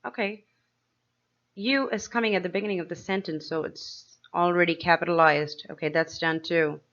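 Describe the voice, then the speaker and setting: A woman teacher giving a slow, clear grammar lesson to young pupils, asking them questions as she explains each step. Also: lowish voice, steady tone, fairly bright tone, muffled recording. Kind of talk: grade-school grammar lesson.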